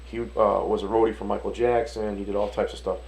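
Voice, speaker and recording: A man from Detroit, a restaurant owner and chef, telling animated stories in a casual interview, acting out the voices of the people in them and swearing casually. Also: fairly low pitch, fast talker, gravelly, poor audio. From Detroit, USA.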